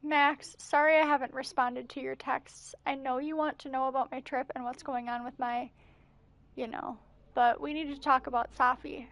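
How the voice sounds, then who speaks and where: A woman's voice: sits high, little pitch movement, normal speed, a bit bright, no room sound. A woman streaming a game and reading its messages and journal entries aloud as narration, with breathless asides. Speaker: gameplay streamer. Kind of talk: reading game texts aloud during a playthrough.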